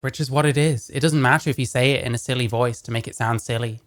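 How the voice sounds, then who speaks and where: A man's voice: medium pitch, steady tone, fast talker, a bit bright. A man with a mid-range voice talks back at a video in casual, profane commentary. He is blunt and combative, and his tone stays scornful throughout. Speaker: reaction commentator.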